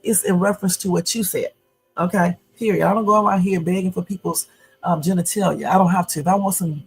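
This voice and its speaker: A woman's voice: lowish voice, breathy edge, rough recording. A woman in her fifties hosting a casual livestream from home, chatty and full of fillers, turning blunt and confrontational. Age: 50s. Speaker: YouTube livestream host.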